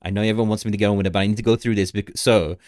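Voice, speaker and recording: A man's voice: fairly low pitch, steady tone, racing, a little mellow, no room sound, clean studio sound. A young man hosting a casual crypto livestream, rambling through charts, greeting viewers in the chat and laughing often.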